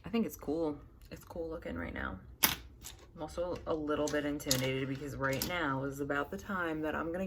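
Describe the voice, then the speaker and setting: Chatty young woman with a low, gravelly voice. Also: slight background noise. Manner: rambling, chatty, many fillers and asides. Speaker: makeup vlogger. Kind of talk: casual chat while doing makeup.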